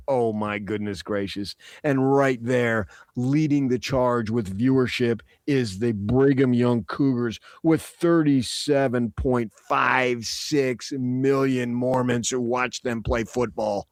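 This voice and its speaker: A man's voice: medium pitch, a little slow, no room sound, clean studio sound. A man from New Jersey hosting sports radio, joking and riffing in casual talk. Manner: joking, animated, riffing with laughs.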